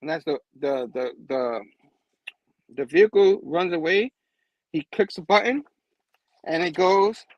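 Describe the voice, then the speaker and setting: A man hosting a casual comic book show, retelling the plot in an animated way, laughing often and checking in with his listener. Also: fairly high pitch, a little slow, pauses often, no echo, lo-fi sound. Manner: animated, laughs often, keeps asking "you know what I mean". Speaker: host.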